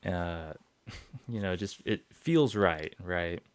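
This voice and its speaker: Low, slow-talking man recapping casually. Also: lively intonation, smooth, dry recording. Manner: rambling, swears a lot, many fillers and chuckles. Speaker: podcast host.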